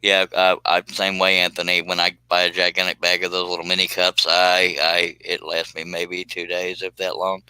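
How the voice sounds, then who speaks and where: A man's voice: sits low, completely flat delivery, moderate pace, hardly any pauses, sharp tone, smooth, no echo. A man co-hosting a live stream, trading dry jokes in casual banter. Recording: noisy live stream audio.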